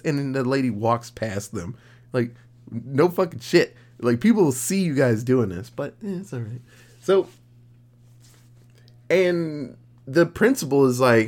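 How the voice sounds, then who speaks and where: A man co-hosting a podcast, casually recapping a horror movie plot with lots of swearing and jokes, slipping into quick voices for the characters. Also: medium pitch, lively intonation. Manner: profane, jokey, acts out characters mid-recap. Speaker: podcast co-host.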